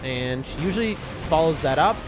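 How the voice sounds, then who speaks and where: A man streaming gameplay live. He talks to his chat with excitable, jumpy commentary, yelping at big moments and muttering in between. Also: fairly high pitch, brisk. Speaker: gaming streamer. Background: game music.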